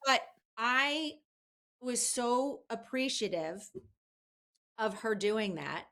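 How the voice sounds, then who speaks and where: A woman guest in a casual interview, telling an animated story with lots of fillers. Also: a little high, takes it slowly. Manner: chatty, animated, many fillers. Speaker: guest, publicist.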